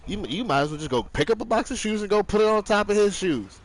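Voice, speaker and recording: A man's voice: high-pitched, lively intonation, quick pace, rough recording. A young man streaming live, telling a rambling story in casual, profane slang.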